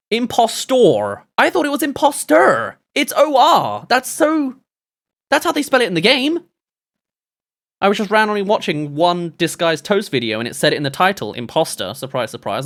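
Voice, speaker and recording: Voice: mid-range voice, a bit bright. A streamer, rambling and chatty while reacting to movie trailers live, reading chat aloud and laughing often.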